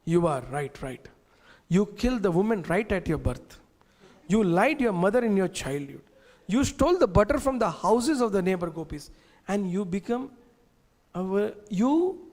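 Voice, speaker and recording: Guy telling temple stories, pretty high voice, lots of hall echo, asks the crowd stuff. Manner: animated, asks the audience questions, uses gestures. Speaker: teacher of scripture class. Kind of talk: storytelling scripture class. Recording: long reverb in a temple hall.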